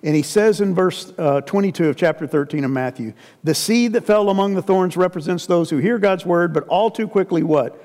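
A middle-aged man preaches, telling stories in a lively way and acting out the people in them. His voice sits fairly high and rings out with a long hall reverb behind it. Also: fairly quick, few pauses. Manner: animated storyteller, acts out quoted voices. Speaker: pastor. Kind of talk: sermon with storytelling.

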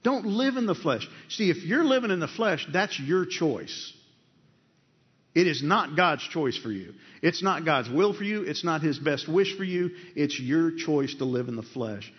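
A male pastor preaching a conversational sermon in a church, asking the congregation questions as he goes. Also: a little high. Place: church sanctuary. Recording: dull sound with long hall reverb.

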